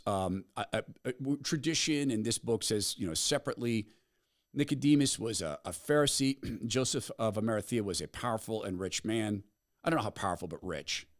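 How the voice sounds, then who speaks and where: A man hosting a commentary podcast, retelling a story with a dramatic, storytelling delivery. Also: medium pitch. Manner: storytelling, dramatic pauses, animated. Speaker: podcast host. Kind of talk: commentary monologue.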